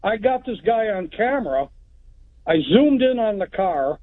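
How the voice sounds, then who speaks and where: A man's voice: high-pitched, sing-song, a little slow. Plainspoken male caller on a tinny phone line. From Texas. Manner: rambling, plainspoken, retells events step by step. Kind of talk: phone-in storytelling.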